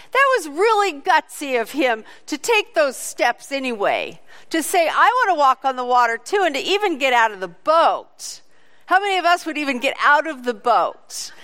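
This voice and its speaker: A woman preaching a sermon, telling a story with animated quoted voices. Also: sits high, long reverb tail.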